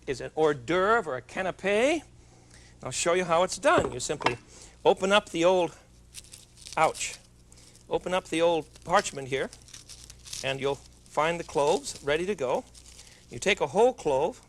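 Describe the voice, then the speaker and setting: Jovial TV cooking host, man. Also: fairly high pitch. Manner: chatty, jovial, joking asides. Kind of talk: televised cooking demonstration. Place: TV studio kitchen.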